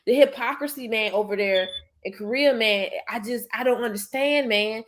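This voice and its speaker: A woman's voice: fairly high pitch, normal speed. A woman hosting a podcast in casual chat, speaking bluntly and emphatically, swearing freely. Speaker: podcast host.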